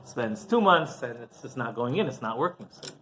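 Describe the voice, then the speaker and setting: A man, a rabbi, telling a story in a casual, animated sermon with frequent restarts and asides. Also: medium pitch, normal speed, very noisy.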